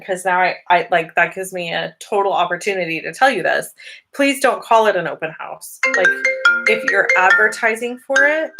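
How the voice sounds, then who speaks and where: A woman's voice: medium pitch, sharp tone. A woman hosting a casual live Q&A, chatty and upbeat as she reads out viewer comments and answers them. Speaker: host answering viewer questions. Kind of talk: casual live-stream Q&A chat.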